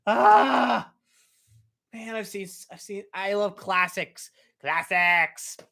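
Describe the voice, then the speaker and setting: A man's voice: high-pitched, slow, bright, forceful tone. A young man hosting a casual live-stream Q&A, answering chat questions in an upbeat, rambling way with many fillers and self-corrections.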